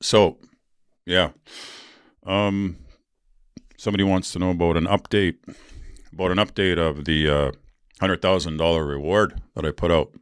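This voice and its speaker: A man with a very low voice and a dry, close sound talks casually on his podcast. He rambles through a candid story, swears freely and fills pauses with ums and uhs. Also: steady tone, clean tone, no echo. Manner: rambling, candid and profane, with many fillers. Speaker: podcast host.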